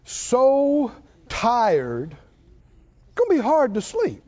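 A man's voice: very high-pitched, wildly swooping pitch, drawn-out words, dark tone. A man preaching a sermon in a church, asking rhetorical questions and drawing responses from the congregation. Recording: muffled lo-fi recording.

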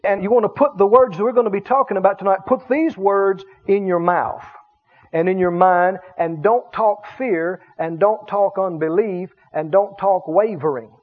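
A man preaches as a pastor, speaking at a normal speed in a voice that sits high. His emphatic delivery stretches out key words and calls on the congregation to respond. The sermon recording is dull and lo-fi.

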